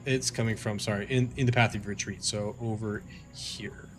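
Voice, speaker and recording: A man's voice: on the low side, fairly even intonation, moderate pace, music in the background. A man narrating as game master of a tabletop game stream, casual and rambling with fillers and restarts.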